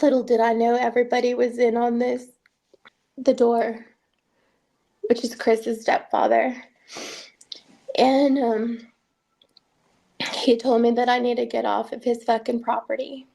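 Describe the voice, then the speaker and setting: A woman recounting painful family events as an interviewee in a documentary, speaking earnestly with halting restarts. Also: fairly high pitch, level tone, gravelly, mellow. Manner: earnest, halting first-person retelling with restarts. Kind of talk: documentary testimony.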